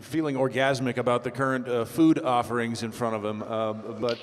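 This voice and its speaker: A man's voice: mid-range voice, steady tone, normal speed. A man who voices cartoon characters, speaking hesitantly with many uhs on a convention panel. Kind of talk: casual panel chat. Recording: echoey hall.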